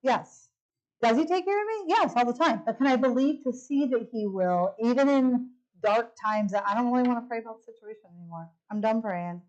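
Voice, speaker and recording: A middle-aged woman, speaking as a retreat speaker at a women's retreat, gives a testimony talk full of stories and acted-out dialogue. Her voice is fairly high and brisk, and the recording has its highs cut off.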